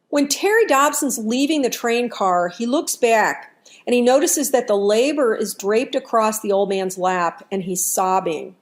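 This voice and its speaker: A woman telling a story as part of a lesson, in an expressive storytelling manner. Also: a little high, normal speed. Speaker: workplace culture speaker.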